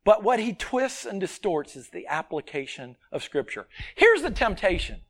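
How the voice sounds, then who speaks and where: A male preacher delivers an earnest sermon in a high voice. His pitch moves in lively swings, and he pushes key points loudly before dropping to quiet, personal asides. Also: moderate pace.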